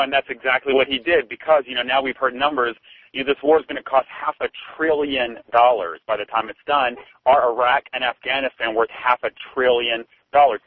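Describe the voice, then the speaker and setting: A man's voice: mid-range voice, no room sound. A man from Texas, a political correspondent chatting on a radio talk show and leaning on "you know". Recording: tinny phone line.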